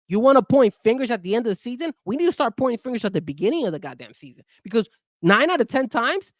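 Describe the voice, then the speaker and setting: A man hosting an online sports talk show, ranting with rising heat and the odd curse. His pitch swings up and down as he gets worked up. The sound is dry and close, with no room around it. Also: no echo. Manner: heated, cursing, lively swings in pitch. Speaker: show host. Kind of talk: casual sports podcast talk.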